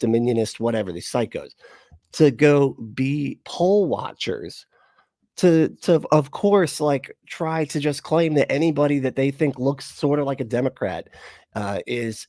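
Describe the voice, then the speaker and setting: A man's voice: mid-range voice, moderate pace, dark tone, dry recording, clean studio sound. A man hosting a casual livestream. He swears a lot, laughs often and talks straight to his viewers. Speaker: host.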